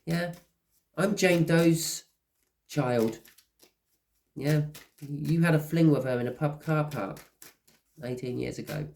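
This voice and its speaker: A man putting on a cheeky eighteen-year-old lad confronting his dad. The voice is pushed up high, bright and chirpy, clearly a storyteller's caricature rather than a real teenager. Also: slow, long pauses, a little hiss or hum. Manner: raised, chirpy put-on voice.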